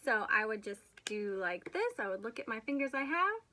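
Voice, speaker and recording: A woman's voice: a little high, sing-song, moderate pace, pushed and bright. A young woman teaching young children a remote math lesson, patient and encouraging, leading them through counting and chanted rhymes.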